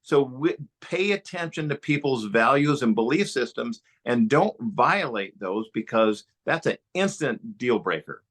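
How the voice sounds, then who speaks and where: A man explains ideas in a steady coaching tone during a relaxed talk. His voice sits at an ordinary middle pitch. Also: measured pace, few pauses. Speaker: co-host, practice coach. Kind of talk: casual instructional talk.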